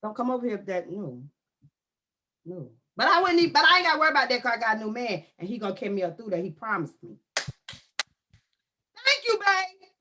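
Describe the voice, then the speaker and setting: A high, bright female voice, swinging wildly up and down as she rants. She talks in a loud, comic, animated way and often breaks into shouts. It is casual talk, delivered with plenty of energy. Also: racing. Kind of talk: casual comic rant to camera.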